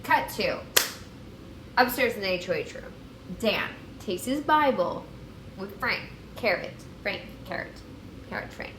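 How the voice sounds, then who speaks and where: A woman's voice: mid-range voice, expressive, measured pace, pauses often, a bit bright. Tipsy rambling woman storyteller. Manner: rambling, giggly, losing her thread. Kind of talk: comic drunk-history retelling. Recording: echoey room with music.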